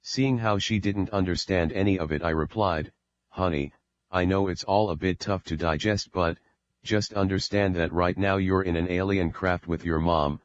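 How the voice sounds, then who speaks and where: A man's voice: deep voice, fairly even intonation, normal speed, no echo. A man reading a first-person audiobook in a plain, unpolished way, with occasional slips. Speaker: audiobook narrator. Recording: dull lo-fi dry recording.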